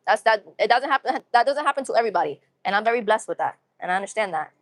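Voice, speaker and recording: A woman's voice: on the high side, lively intonation, very fast, no echo. A young woman from Massachusetts with a New England accent and some urban slang, chatting casually and upbeat with viewers on her livestream, often repeating phrases. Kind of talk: casual live-stream chat with viewers.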